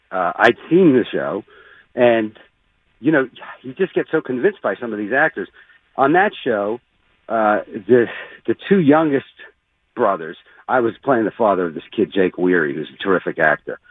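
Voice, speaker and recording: Actor guest, husky voice, swinging pitch, heard over a phone-like line. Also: male voice, moderate pace, dry recording. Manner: animated, showman-like storyteller. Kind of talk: casual radio interview.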